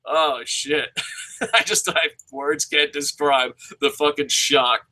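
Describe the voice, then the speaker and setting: A man reviewing wrestling shows in casual, profane commentary, excitable, with frequent swearing and stammering. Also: on the high side, takes it slowly, rough recording.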